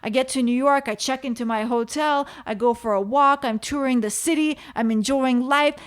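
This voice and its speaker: Woman, podcast host, high voice, lively storytelling, repeats phrases for emphasis, solo monologue. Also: normal speed. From Canada.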